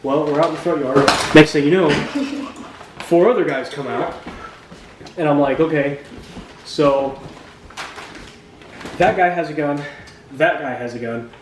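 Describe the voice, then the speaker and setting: A man telling a funny personal story, with jokey deadpan asides and acted-out sound effects. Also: fairly high pitch, a little slow, pauses often, noisy background. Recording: roomy echo from a distant mic with music behind.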